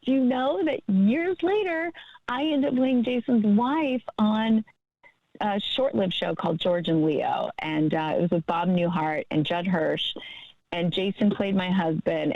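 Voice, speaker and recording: A woman's voice: mid-range voice, animated, normal speed, darkish tone, poor audio. A middle-aged woman, a guest actress, chatting effusively in a casual interview and laughing often.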